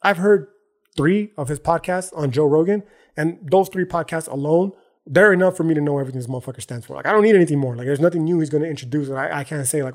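A man's voice: a little high, quick pace. A man hosting a solo podcast, talking in a casual, profane, slangy and emphatic way, often tagging his sentences with "right?" and "okay?". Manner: frequent "right?" and "okay?" tags. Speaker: podcast host.

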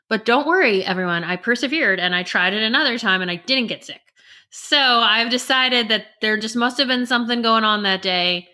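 A woman in her forties co-hosts a podcast in casual chat, her voice a little high, fairly quick and sharp in tone. She tells family stories like a chatty storyteller, acting out what people said.

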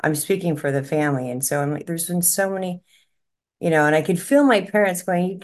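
Woman, deep voice, medium, podcast co-host, rambling, emotional, laughing. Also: fairly quick. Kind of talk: casual podcast conversation.

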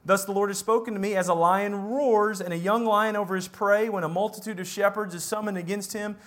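Male preacher, higher voice, reads verses then expounds, lively delivery. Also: a little fast. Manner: reads scripture aloud and explains it, voicing God and the people in quotes. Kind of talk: sermon.

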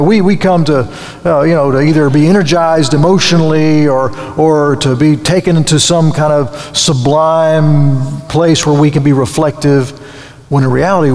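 A man's voice: fairly high pitch, gravelly, in a large hall. A man preaching a sermon, earnest and emphatic, repeating key words and restarting phrases.

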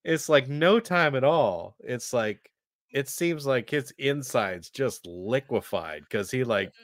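A man's voice: mid-range voice, animated, slow, no echo. Man, podcast co-host, rambling, swears, acts out scenes, dry close sound. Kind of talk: casual chat.

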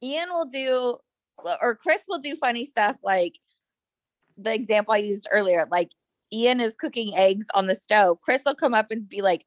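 A woman's voice: a little high, normal speed, no echo. A young woman co-hosting a podcast, chatting casually with many fillers and acting out quotes. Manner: chatty, lots of "like", acts out quotes. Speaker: podcast co-host. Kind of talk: casual chat.

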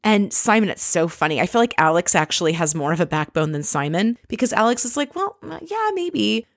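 A woman's voice: on the low side, expressive, fast, dry recording, studio quality. A woman hosting a casual reality show recap, chatty and wry, with frequent laughs. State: married.

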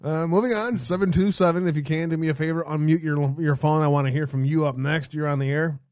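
A man hosting a call-in show, talking loosely and casually, often halting and swearing. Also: a little high, steady tone, darkish tone, no room sound, studio quality. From United States. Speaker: host.

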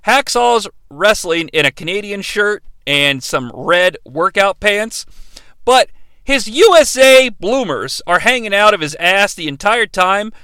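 A man hosting a casual solo podcast, animated and sardonic, talking close into the microphone. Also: high voice, clear, resonant tone, no echo. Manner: animated and sardonic, slipping into impressions. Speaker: podcast host.

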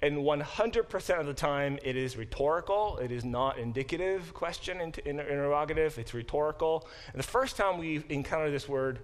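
A man's voice: on the high side, brisk, hardly any pauses. Man lecturing on scripture, casual. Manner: conversational, explains terms step by step. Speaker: Bible professor. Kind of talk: classroom lecture.

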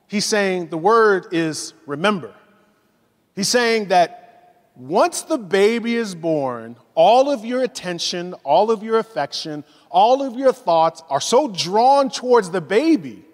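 A man in his forties preaches a sermon with animated storytelling. His voice sits a little high and carries a long reverb from a large hall. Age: 40s. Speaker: pastor.

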